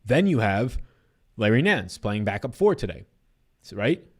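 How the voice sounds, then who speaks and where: A man's voice: lowish voice, husky. A young man hosting a sports betting livestream, chatting loosely, reading viewer comments aloud and answering them. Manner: fast, animated, loose and profane.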